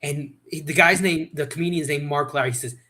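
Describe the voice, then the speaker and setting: A man's voice: on the high side, fairly even intonation, brisk, pushed and bright, husky. A man hosting a casual chat, telling rambling stories with many restarts. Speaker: host.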